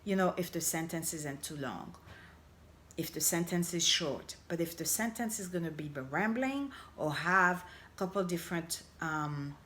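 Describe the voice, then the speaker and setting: A middle-aged woman coaching on language, giving an upbeat, emphatic grammar lesson and slowly stretching out her example phrases. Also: fairly low pitch, expressive, fairly bright tone, slight background noise. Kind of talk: casual explainer lesson to camera.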